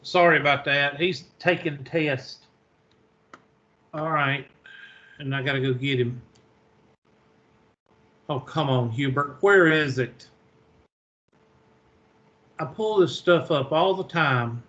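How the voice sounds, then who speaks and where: Slow, bright-voiced man teaching math. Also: a little high, highs cut off. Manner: flustered, talking to himself while searching. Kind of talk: online class lecture.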